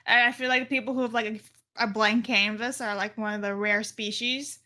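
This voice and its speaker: A woman's voice: on the high side, fairly even intonation, brisk, bright, forceful tone. A young woman co-hosting a podcast, chatting casually and telling stories with a giggle. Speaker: podcast co-host. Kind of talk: casual chat.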